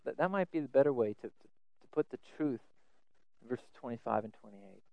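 A man preaching a sermon, earnest, often repeating words as he stresses a point, swinging between loud emphasis and soft asides. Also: mid-range voice, animated, fairly quick, creaky, dry recording, muffled recording.

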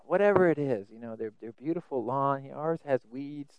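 A man preaching a sermon, earnest, often repeating words as he stresses a point, swinging between loud emphasis and soft asides. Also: medium pitch, lively intonation, normal speed, hardly any pauses, clean tone, no room sound, poor audio.

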